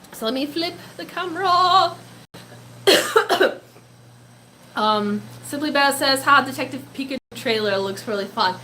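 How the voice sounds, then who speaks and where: A woman's voice: a little high, fairly bright tone, slight background noise, rough recording. A young woman who grew up speaking Polish, chatting casually on a live stream and reading out viewer comments. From Poland. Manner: chatty, giggly, breaks into baby talk with her pet. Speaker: pet-keeping live streamer.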